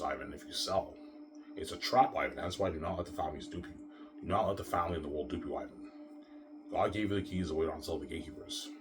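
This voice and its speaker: A man rants in a fast, repetitive, profanity-laced monologue to his viewers. His voice is extremely deep. He sounds far from the microphone, with clear music underneath. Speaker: video ranter. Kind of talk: angry monologue. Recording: distant from mic, music behind.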